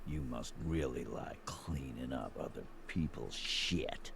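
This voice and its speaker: An actor playing a sneering, crude dockworker in a game, with a put-on Southern-style drawl. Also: male voice, very deep voice, slow pace, gravelly, background noise, heavily acted. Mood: mocking.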